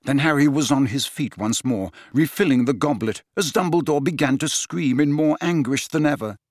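A man narrating an audiobook in a dramatic, expressive reading style. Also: medium pitch, normal speed, dry recording, studio quality. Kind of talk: scripted narration.

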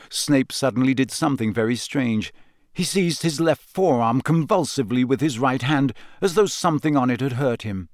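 A man narrates a novel at a measured, even storytelling pace. His voice sits in a middle register. The recording is dry and close, with no room sound. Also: medium pitch, no room sound. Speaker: audiobook narrator. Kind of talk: scripted narration.

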